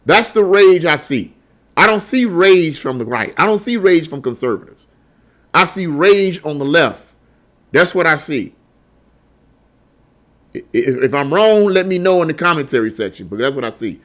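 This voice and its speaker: A man's voice: on the high side, sing-song, moderate pace, long pauses, fairly bright tone. A middle-aged man giving blunt, heated solo commentary, often repeating words as he gets worked up. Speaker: political commentary host.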